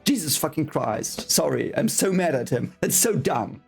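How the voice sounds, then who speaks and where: A man with a mid-range, sing-song voice, vocal fry and a slightly rough edge speaks at a moderate pace, with faint music behind. Reading a fantasy novel aloud for the first time as a book reaction reader, he rants in frustration, swearing, apologizing and repeating phrases as he vents.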